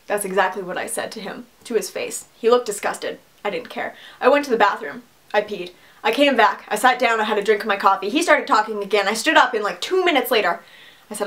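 A young woman telling a story to her camera at home, sarcastic and animated, breaking into laughs. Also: a little high, fairly quick. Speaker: vlogger. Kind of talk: casual storytime vlog. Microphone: camera mic.

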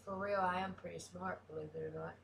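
A woman's voice: fairly low pitch, steady tone, fast, slight background noise. A woman with a Southern US country accent, talking casually and bluntly as she reacts to a video, swearing freely. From American South.

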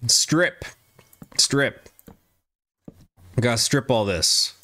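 A man's voice: mid-range voice, expressive, very slow, sharp tone. A man streaming a game live, chatting casually, laughing often and greeting viewers.

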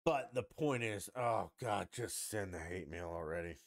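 Sarcastic, profane podcast host, lower pitch and a very lively delivery. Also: male voice, a little slow. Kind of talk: ranting solo podcast.

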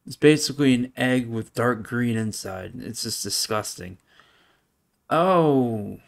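A man's voice: medium pitch, takes it slowly, gravelly. A man vlogging casual reaction commentary, blunt and swearing, skimming and reading aloud with open disgust. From United States.

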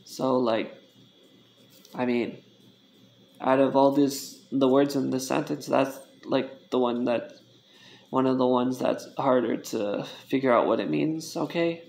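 Slow gravelly man teaching vocabulary. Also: medium pitch, fairly even intonation, a little mellow. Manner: slow, self-correcting, repeats words for drill. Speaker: Spanish tutor. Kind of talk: informal language lesson.

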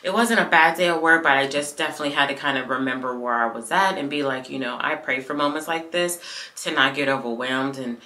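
A woman's voice: extremely low pitch, bright, forceful tone. A woman vlogging in a casual chatty way, talking to her viewers from her car on a phone camera. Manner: chatty, rambling, talks to viewers. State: numb mouth after dental work, sleepy. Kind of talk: casual vlog chat. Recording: noisy car recording.

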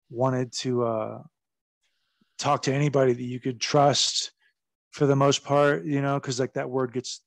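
A man's voice: medium pitch, creaky, no echo. A man in his forties, a former wrestler, telling stories in a casual interview. His speech is rambling and profane, and it is full of fillers.

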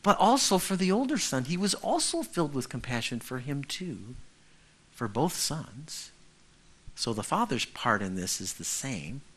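A man's voice: medium pitch, big pitch swings, unhurried, husky. A male pastor preaching a conversational sermon who keeps checking in with the congregation.

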